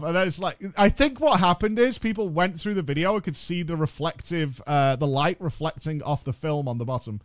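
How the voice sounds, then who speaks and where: A man streaming and reacting to a video, telling a story in a casual, animated way, with frequent restarts and swearing. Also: sits high, moderate pace, no room sound. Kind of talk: casual live-stream chat.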